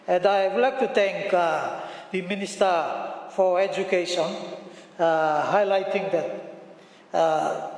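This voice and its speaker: A man's voice: high voice, slow pace. A man with a Solomon Islands accent giving a formal parliamentary speech, listing his points one by one. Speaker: member of parliament. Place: parliament chamber. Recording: echoey hall.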